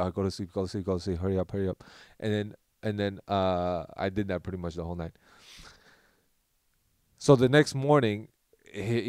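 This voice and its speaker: A young man, a podcast host, tells a rambling, animated story in casual chat and acts out what people said. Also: lowish voice, no room sound, studio quality.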